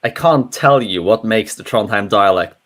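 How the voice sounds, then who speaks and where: A man with a Norwegian accent talking in a casual online panel, animated and chuckling, often trailing off and restarting. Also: on the low side, moderate pace. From Norway. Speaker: panel guest.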